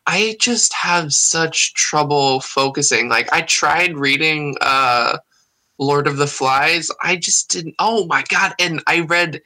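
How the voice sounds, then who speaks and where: A man's voice: on the high side, takes it slowly, pushed and bright. A young man as a guest in a casual chat, telling stories in an easygoing, enthusiastic way.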